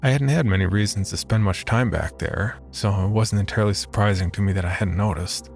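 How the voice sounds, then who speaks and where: A man narrating a first-person horror story in a measured, steady voice. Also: fairly low pitch, creaky, soft background music.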